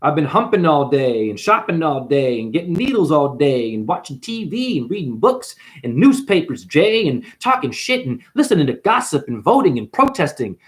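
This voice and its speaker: A man's voice: fairly high pitch, big pitch swings, normal speed, few pauses. A man giving a confrontational, preachy monologue as a spiritual teacher, calling the listener honey. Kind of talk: ranting monologue.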